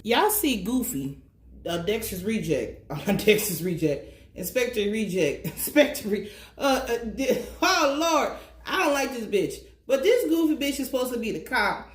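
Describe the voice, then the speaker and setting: A woman giving a casual, blunt and profane recap of a TV episode, telling it in an animated way. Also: mid-range voice, echoey room. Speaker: TV recap commentator.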